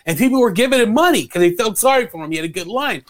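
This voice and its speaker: A man co-hosting a morning radio show, telling stories in a loose, animated way and acting out what people said. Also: high voice, very fast. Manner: animated storyteller, acts out quotes, swears freely. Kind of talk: casual radio chat.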